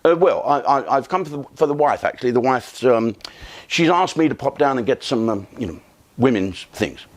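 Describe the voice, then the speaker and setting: A man's voice: medium pitch, expressive, moderate pace, natural voice. A man voicing an embarrassed, stammering grown man who asks awkwardly for something for his wife in a told joke. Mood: flustered.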